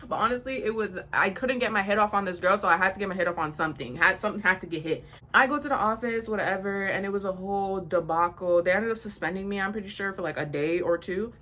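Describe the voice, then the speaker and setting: A woman in her twenties telling a storytime vlog in a blunt, slangy, animated way. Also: medium pitch, a little fast, slight background noise. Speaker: vlogger.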